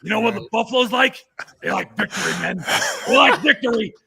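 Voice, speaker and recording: A man doing an impression of an older football coach giving a rambling pep talk, slow and drawn out. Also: high voice, animated, creaky, pushed and bright, voice pushed up, full character voice. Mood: rousing.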